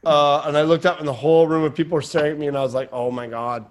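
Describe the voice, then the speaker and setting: A man who is a stand-up comedian and podcast host, telling an animated, rambling story in casual chat. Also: fairly high pitch, very fast.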